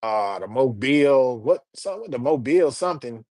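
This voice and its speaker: A man's voice: mid-range voice, lively intonation, normal speed, dry recording, clean studio sound. Laid-back man chatting on a livestream. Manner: laid-back, slangy, gives shout-outs to viewers. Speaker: livestream host reading chat. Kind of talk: casual livestream chat.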